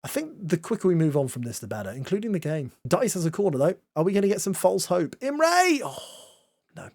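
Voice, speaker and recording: Lively, self-mocking man doing game commentary. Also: a little high, fast talker, no room sound, clean studio sound. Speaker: gaming YouTuber.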